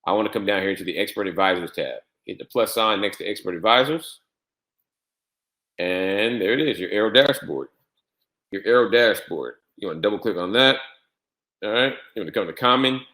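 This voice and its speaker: A man giving a step-by-step screen-share tutorial on trading software, repeating instructions and spelling out letters. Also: lowish voice, fairly quick. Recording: echoey room.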